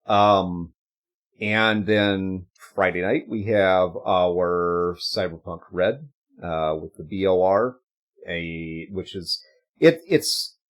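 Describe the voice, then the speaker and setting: Casting: male co-host, lowish voice, relaxed rambling announcements. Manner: upbeat, rambling announcements with fillers. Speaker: podcast co-host. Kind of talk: casual livestream chat.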